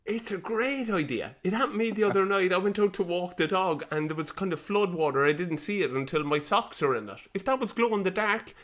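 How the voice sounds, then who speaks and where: Irish man telling lively stories. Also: high-pitched. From Ireland. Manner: storytelling, laughing, quick to mimic teammates. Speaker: podcast co-host. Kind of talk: casual chat.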